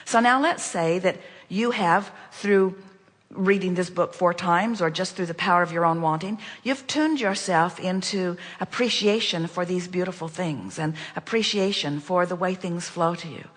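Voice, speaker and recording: A woman speaking in a measured, emphatic way, teaching about money and attraction as "we". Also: on the low side. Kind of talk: spoken teaching in conversation. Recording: long hall reverb.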